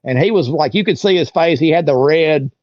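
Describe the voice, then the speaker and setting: A man's voice: on the high side, brisk, dry recording, highs cut off. A man, an interview guest telling a long story in a rambling, folksy way. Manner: rambling, folksy, lots of "you know" and "like". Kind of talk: casual storytelling.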